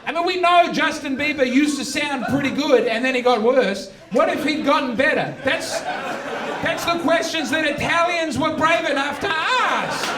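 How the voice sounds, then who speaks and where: A brash stand-up comedian with a very high male voice who delivers provocative material with mock earnestness. He is recorded from a distance in an echoey live venue, and a crowd laughs and reacts behind him. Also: background noise.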